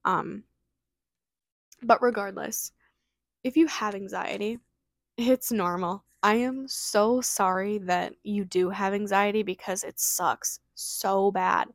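A young woman hosting her own podcast, talking casually and quickly with lots of "like" and "um". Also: mid-range voice, fairly even intonation, dry recording, studio quality. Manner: fast, chatty, lots of fillers. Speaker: podcast host. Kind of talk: casual solo podcast chat.

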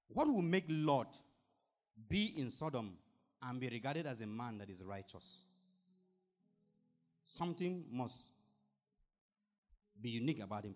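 A man's voice: mid-range voice, a little mellow. A male pastor preaching a sermon, reading scripture and pressing the point with emphatic rhetorical questions and frequent hallelujahs.

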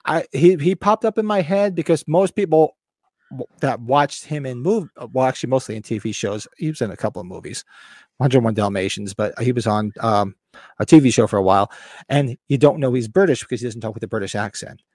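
A man's voice: mid-range voice, fairly quick, a little mellow, no room sound, studio quality. A man co-hosting a casual podcast, rambling and restarting his sentences, swearing now and then. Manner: rambling, stop-start, swears. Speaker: podcast co-host. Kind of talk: casual chat.

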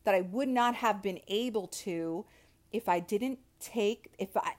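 A woman's voice: medium pitch, unhurried, darkish tone. Fired-up, foul-mouthed woman in her thirties. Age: 30s. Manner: fiery, swears constantly; gets worked up, shifting in her chair. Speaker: podcast host. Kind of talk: motivational monologue.

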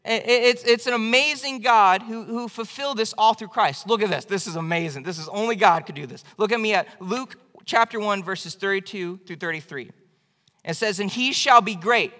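Guy pastor preaching, high bright voice, chatty but emphatic, big echoey church hall. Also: normal speed. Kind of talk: evening church sermon. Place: church sanctuary. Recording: long hall reverb.

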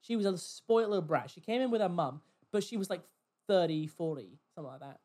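A high-pitched man talks fast on poor-quality podcast audio. The host chats casually about a rude customer, swearing and animatedly mimicking what the customers and others said.

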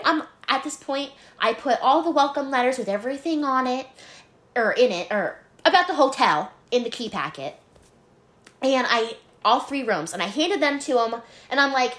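Animated high-voiced young woman storyteller. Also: normal speed. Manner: animated, swears freely, laughs while telling. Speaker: podcast co-host, hotel front desk worker. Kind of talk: casual storytelling chat.

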